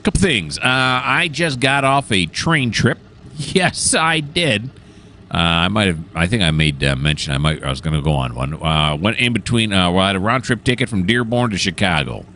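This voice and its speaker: Deep-voiced man chatting over gameplay. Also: big pitch swings, moderate pace, pushed and bright, slight background noise. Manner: rambling, enthusiastic, many filler sounds. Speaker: train simulator gameplay host. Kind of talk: casual gameplay commentary.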